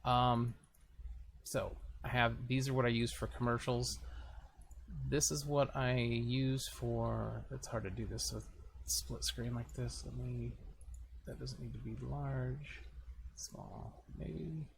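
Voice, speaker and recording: A man's voice: medium pitch, steady tone, slow, vocal fry, a little hiss or hum. A man casually talking through a screen-recorded editing tutorial, thinking aloud as he clicks around. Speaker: video tutorial host.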